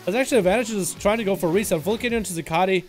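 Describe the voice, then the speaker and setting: A young man casting a video game duel as rapid play-by-play commentary, excitable and hype. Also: high-pitched, faint music behind. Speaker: game caster.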